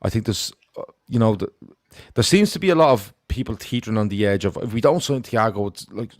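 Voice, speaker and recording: A blunt co-host gives his opinions in a casual podcast chat, swearing as he goes. His voice is low and the sound is dry and close-miked. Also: lively intonation, fairly quick, dry recording.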